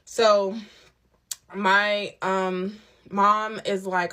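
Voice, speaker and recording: A woman telling her own story in a casual storytime monologue, candid and emphatic, with quick asides. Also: fairly low pitch. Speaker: storyteller recounting a personal ordeal. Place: lives on a military base abroad.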